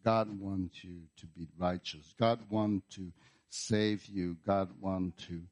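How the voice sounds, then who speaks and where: Male pastor, slow sermon delivery, repetitive emphatic phrasing. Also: low-pitched, steady tone, a little mellow. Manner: slow, deliberate preaching with repeated words and emphatic restarts. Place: church.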